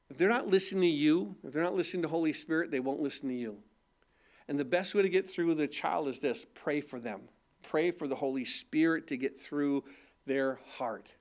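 Male preacher, high voice, animated, plays out quotes in changing tones. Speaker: pastor. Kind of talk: sermon.

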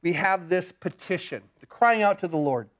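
High-voiced man preaching an earnest sermon. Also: animated, normal speed, fairly bright tone. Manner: earnest preaching, repeats words, rises and drops in intensity. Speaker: pastor.

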